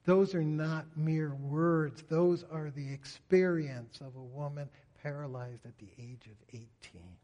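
A man's voice: on the high side, unhurried, few pauses, mellow, muffled recording. A man preaching a sermon in an earnest way, often voicing a psalmist's pleas in prayer. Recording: reverberant hall.

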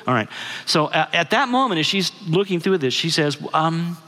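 A man's voice: a little high, fairly quick, bright, forceful tone. A middle-aged man giving a guest sermon, telling a family story in a conversational way and asking the audience questions. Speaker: guest speaker. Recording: long hall reverb.

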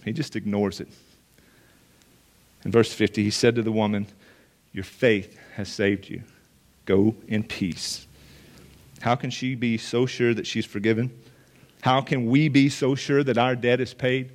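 A man preaches a sermon to a gathered room, earnest and direct. He leans on repetition and restarts to drive each point home, speaking at a middle pitch. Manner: earnest, emphatic, repeats phrases for weight. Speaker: pastor. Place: church or meeting room with listeners.

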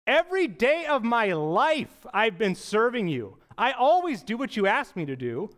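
A man's voice: sits high, steady tone, normal speed, fairly bright tone, clear, resonant tone, pitched above the performer's own voice. A man voicing a resentful older brother in a retold parable within a sermon. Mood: indignant. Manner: indignant, complaining.

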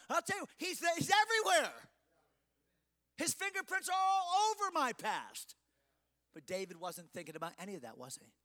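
A man's voice: extremely high pitch, sing-song, moderate pace, bright, forceful tone. A man preaching a sermon, building emphasis and acting out quoted voices. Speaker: pastor.

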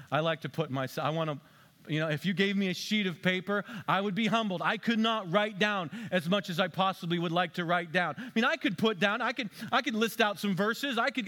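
A man delivers a sermon as pastor, his voice sitting a little high. He talks conversationally and pokes fun at himself. He swings between loud, emphatic bursts and low, hushed stretches. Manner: conversational, joking and self-mocking preaching.

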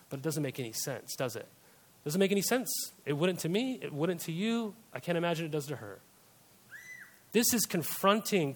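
A young man delivers a church sermon in a conversational way, checking in with his listeners through rhetorical questions. His voice sits on the higher side for a man. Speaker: pastor. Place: church service.

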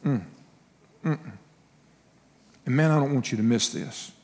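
A man's voice: medium pitch, measured pace, a little mellow, big-room sound. A male pastor giving a sermon in a folksy, conversational way, telling personal stories with restarts and laughing asides.

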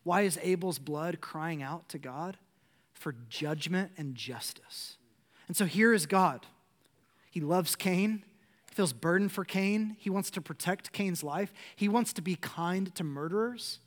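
A man preaching a sermon, earnest and conversational, building to urgent emphasis and then dropping soft. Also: sits high, a little slow. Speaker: pastor.

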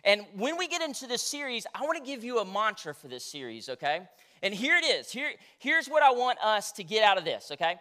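High, bright-voiced energetic preacher man. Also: fast. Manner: energetic, leads congregation in call-and-response. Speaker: pastor. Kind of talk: sermon.

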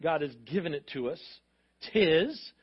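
High-voiced man preaching an animated sermon. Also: normal speed, slightly rough, dull audio. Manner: animated, acts out voices of parents and God. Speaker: pastor.

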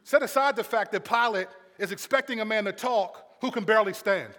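A male preacher with a very high, bright voice delivers a sermon to a congregation. He moves between near-whispered reflection and shouted storytelling. Long reverb from a large hall trails every phrase. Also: brisk. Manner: swings from hushed to shouting, storytelling.

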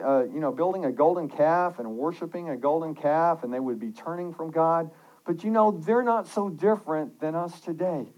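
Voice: medium pitch, darkish tone, low-quality recording. A pastor giving an earnest, conversational sermon, reading scripture and devotional passages aloud and often restarting phrases.

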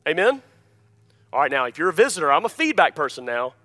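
A pastor preaching a sermon, emphatic, often asking the congregation "Amen?" and dropping to quiet asides between louder points. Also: male voice, sing-song, fast talker. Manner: emphatic, repeats key phrases, calls "Amen?" to the congregation; swings between loud emphasis and quiet, low-voiced asides.

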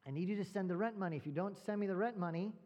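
A man's voice: high voice, racing, muffled recording, pitched above the performer's own voice, close to an everyday voice. A man doing a frantic broke young man. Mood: desperate. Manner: agitated, pleading, raised voice. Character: broke, frustrated young man begging for rent.

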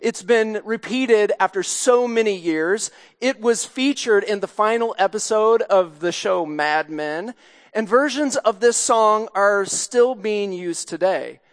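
High-voiced pastor preaching in a reverberant hall. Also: male voice, takes it slowly. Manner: storytelling, sings snatches of a jingle. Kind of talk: sermon. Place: church sanctuary. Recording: long church hall reverb.

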